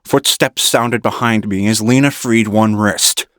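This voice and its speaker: A man reading an audiobook in measured first-person narration. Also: fairly low pitch, fairly bright tone, no room sound, clean studio sound.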